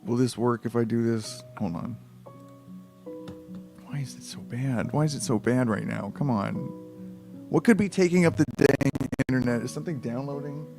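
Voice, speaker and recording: A man's voice: medium pitch, moderate pace, gravelly, long pauses, a little mellow. A male streamer reads a book aloud and keeps stopping to pick apart the text. He rambles, swears freely and sounds incredulous. Faint music plays behind him. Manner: rambling, profane, incredulous asides. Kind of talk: casual live-stream reading with commentary.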